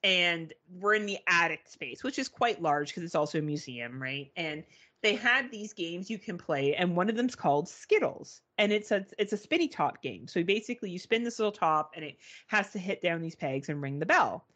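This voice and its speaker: A woman's voice: lowish voice, expressive, normal speed, fairly bright tone. A woman co-hosting a podcast, telling a story in casual chat, swearing freely and mimicking beeping gadgets. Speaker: podcast co-host.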